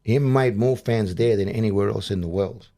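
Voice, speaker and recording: Low-voiced Australian boxing coach. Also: male voice, moderate pace, warm tone. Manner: rambling, repeats words and restarts sentences. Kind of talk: casual interview chat.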